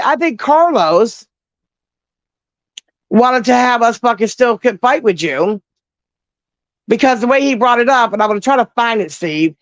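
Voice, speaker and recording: Middle-aged woman on a call, swears freely, animated storyteller, dry and dull lo-fi sound. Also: a little high, no room sound. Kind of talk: casual chat.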